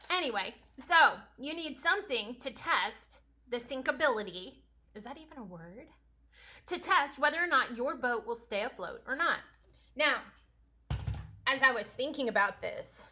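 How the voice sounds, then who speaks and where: Bright, chatty woman teacher. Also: fairly high pitch. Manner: chatty, playful, encouraging. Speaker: science teacher. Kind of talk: casual home-school lesson.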